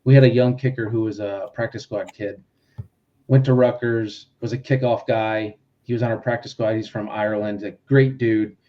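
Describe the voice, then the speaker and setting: A man in his thirties, a guest on a podcast, telling stories in a quick, laid-back way and swearing casually. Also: fairly low pitch, steady tone, lo-fi sound. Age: 30s. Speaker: podcast guest, pro football long snapper. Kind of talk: casual storytelling chat.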